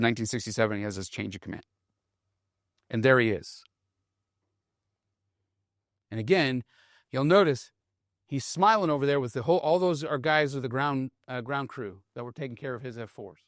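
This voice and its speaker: A man giving a conversational talk on military leadership, animated and checking in with the audience as he tells the story. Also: medium pitch, no room sound, clean studio sound. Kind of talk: storytelling talk with read-out quotes.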